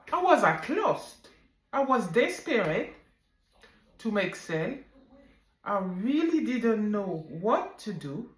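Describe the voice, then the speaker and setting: Slow, animated high-voiced woman. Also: roomy sound, rough recording. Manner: animated, emphatic, very drawn-out delivery. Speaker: online business owner. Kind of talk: personal storytelling vlog.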